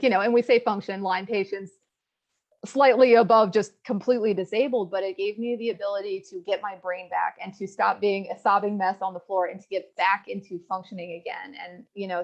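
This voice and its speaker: A woman's voice: medium pitch, a little fast. A young woman from rural Virginia, a guest telling her health story in a candid, earnest interview. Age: young adult. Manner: earnest, frank, quotes others in lively asides. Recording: slightly dull lo-fi audio.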